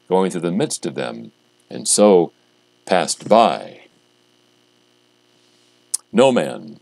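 A man, a pastor, reading scripture aloud and preaching in a measured, emphatic way, slowing down on key phrases. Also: medium pitch, a little mellow, dry recording.

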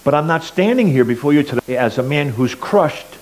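A middle-aged man giving a personal testimony at church, telling stories earnestly and swinging between loud and quiet. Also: on the high side, expressive, a little fast, rough recording. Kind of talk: sermon testimony.

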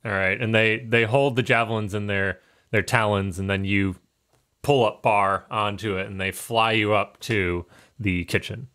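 A man's voice: on the low side, steady tone, normal speed, a bit bright. A man narrating and running a tabletop game as game master, casual and laughing often.

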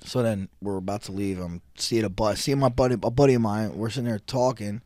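Joking New podcast host. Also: male voice, fairly low pitch, fairly quick, a little mellow, no echo. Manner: teasing, joking, then earnest storyteller. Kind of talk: casual chat.

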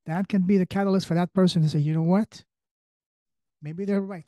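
A man hosting a podcast conversation, speaking in a halting, motivational way as he searches for words. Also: high-pitched, fairly even intonation, mellow, no room sound. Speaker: podcast host.

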